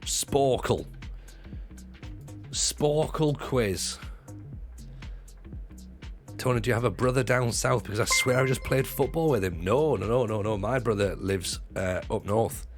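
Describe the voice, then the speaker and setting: Soft background music plays as an ex-stand-up comic livestreams, joking with viewers, swearing freely and restarting what he says. His fairly low voice is brisk, with hardly any pauses.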